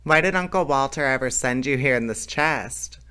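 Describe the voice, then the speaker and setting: A man's voice: mid-range voice, normal speed, bright, forceful tone, clear, resonant tone, lightly acted. A man reading a storybook aloud, voicing an earnest, worried young girl in a slightly raised voice. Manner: earnest, pleading.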